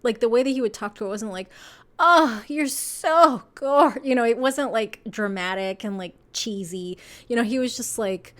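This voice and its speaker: A woman in the middle of a casual tarot reading, talking in a loose, meandering way full of fillers and easy laughter. Her voice sits at a medium pitch, and she swears offhandedly as she goes. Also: fairly quick, few pauses, darkish tone. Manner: laughs often while talking. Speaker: tarot card reader.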